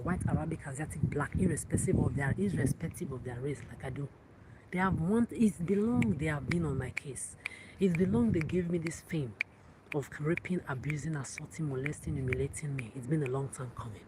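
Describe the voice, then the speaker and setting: Speaking fairly quickly in a low-pitched voice, an African woman hosting a livestream launches into a defiant, repetitive, profanity-filled rant. Loud background noise fills the recording.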